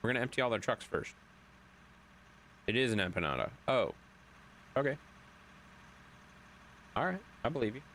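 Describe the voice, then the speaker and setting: A man's voice: mid-range voice, very animated, normal speed, long pauses, fairly bright tone, a little hiss or hum. A man streaming a game late at night, reading chat aloud in a chatty way, swearing now and then.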